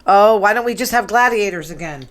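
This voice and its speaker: A woman hosting a show in casual chat, sassy and quick to tease. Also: mid-range voice, expressive. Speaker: show host.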